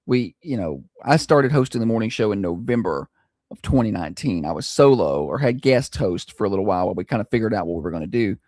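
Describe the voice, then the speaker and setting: A quick-talking man co-hosting a morning radio show. He teases and laughs his way through the banter, and his voice jumps around a lot. The sound is close and dry, with no room in it. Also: fairly low pitch, animated, a little mellow, dry recording. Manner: teasing, laughs often. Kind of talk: casual banter.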